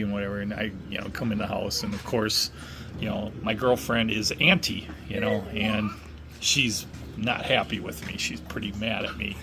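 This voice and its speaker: A man's voice: on the low side, pushed and bright, a little hiss or hum. A middle-aged man from Wisconsin telling a casual story in a rambling way, full of fillers and restarts. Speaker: vlogger.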